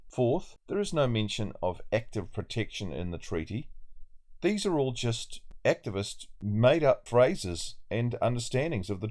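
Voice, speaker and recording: A man's voice: fairly low pitch, darkish tone. A man giving indignant video commentary, full of rhetorical questions. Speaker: political commentator.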